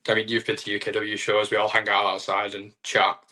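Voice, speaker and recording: A man's voice: fairly low pitch, monotone, brisk, sharp tone. A young man, a wrestler, chatting casually in an interview in a rambling, self-deprecating way. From Britain. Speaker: wrestler guest.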